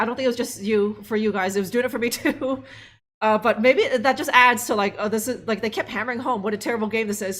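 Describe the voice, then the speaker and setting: A woman's voice: a little high, a bit bright. A young woman streaming a game live, giving sarcastic, profane commentary full of laughs and fillers.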